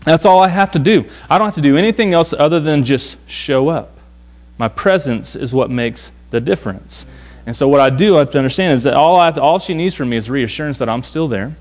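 Earnest preaching man, fairly high voice. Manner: earnest preaching with repetition, swinging between raised and hushed lines. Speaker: pastor. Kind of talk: sermon.

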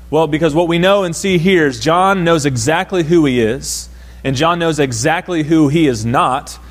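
Male pastor, fairly high voice, emphatic sermon delivery with rhetorical questions and repeated phrases.

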